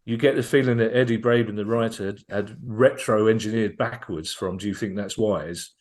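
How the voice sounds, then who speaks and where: A man's voice: on the low side, fairly even intonation, moderate pace, a little mellow. A man on a podcast as guest comedian, telling a long, enthusiastic anecdote and often restarting his sentences. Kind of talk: casual podcast storytelling.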